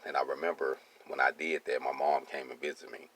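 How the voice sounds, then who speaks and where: Very deep, gravelly-voiced man. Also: little pitch movement, a little fast, a bit bright, slight background noise. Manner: streetwise, keeps asking "you see what I'm saying". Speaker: welding business owner. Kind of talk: casual personal monologue.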